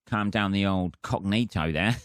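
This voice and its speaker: A man with a deep, low voice rambles through a casual solo podcast, swearing freely in a dry, deadpan manner. The recording is close and dry, with no room sound. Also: moderate pace, clean tone, no room sound. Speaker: comedian and podcast host.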